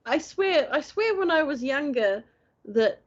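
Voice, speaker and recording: Guest: New Zealand woman, Kiwi accent, candid and opinionated, slightly high, lo-fi video call. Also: sing-song, unhurried. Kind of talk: casual chat. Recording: dull video call audio.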